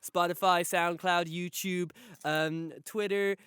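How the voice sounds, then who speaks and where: Hyped young guy, high bright voice, dry close sound, goofy podcast banter. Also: takes it slowly, clear, resonant tone, no echo. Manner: excitable, goofy, laughs a lot. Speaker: podcast co-host. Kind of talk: casual chat.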